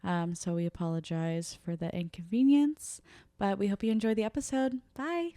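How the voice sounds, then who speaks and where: A woman's voice: medium pitch, moderate pace, warm tone, no room sound, studio quality. Young woman co-host, casual and joking, swears freely. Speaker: podcast co-host. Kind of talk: casual chat.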